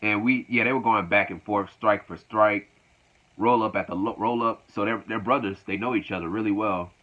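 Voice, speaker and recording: Low-voiced man recapping a show. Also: steady tone, normal speed. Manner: loose, repetitive retelling. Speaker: wrestling show reviewer. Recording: dull lo-fi recording.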